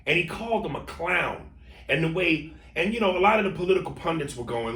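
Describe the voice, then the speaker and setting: Heated political debate spills out of this podcast co-host, who speaks with passion, swears, and stumbles over stammering restarts. His voice is a little high, animated, slightly bright, and a little fast, picked up by a distant mic with roomy echo.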